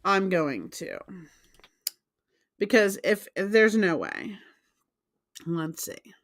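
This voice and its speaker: A woman's voice: medium pitch, sing-song, extremely slow. A woman co-hosting a live home stream, chatting casually and insisting on her point, spelling words out letter by letter. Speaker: co-host of a live reselling stream. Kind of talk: casual chat.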